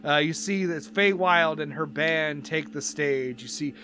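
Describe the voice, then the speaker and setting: A man narrating a tabletop game as game master, halting with many fillers. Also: a little high, pushed and bright.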